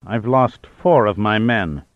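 A man voicing a young navy dive officer, speaking in a solemn, measured way. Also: mid-range voice, animated, no echo, highs cut off, close to an everyday voice.

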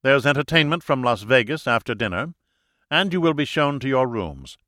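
A man's voice: medium pitch, very animated, moderate pace, pushed and bright, no echo, clean studio sound. A man reading an audiobook who voices a ruthless, commanding woman at the head of a secret cabal, giving cold, imperious orders.

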